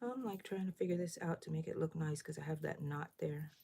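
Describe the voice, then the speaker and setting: A middle-aged woman, chatting loudly and thinking out loud while she crochets on a livestream, asking her viewers questions. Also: low voice, brisk, vocal fry, husky. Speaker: livestream host. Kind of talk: casual crochet livestream chat.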